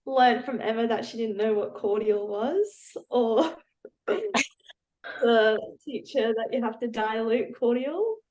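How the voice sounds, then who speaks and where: A woman's voice: a little high, animated, slow, a little mellow, highs cut off. Chatty young woman. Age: young adult. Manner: chatty and upbeat, with many "yeah"s and "and I think"s. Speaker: football player. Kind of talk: casual interview answers. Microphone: video call.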